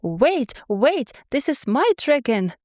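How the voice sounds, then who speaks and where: A woman's voice: high-pitched, sing-song, takes it slowly, darkish tone, dry recording, studio quality, voice pushed up, exaggerated voice. Woman doing a hasty student cat. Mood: flustered. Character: young male magic student cat, hasty, sheepish.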